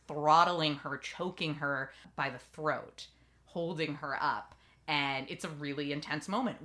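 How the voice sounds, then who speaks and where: A woman hosting a podcast, recapping a TV episode in lively casual chat and acting out lines from the scenes. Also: deep voice. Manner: lively storytelling, acts out quotes. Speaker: podcast host.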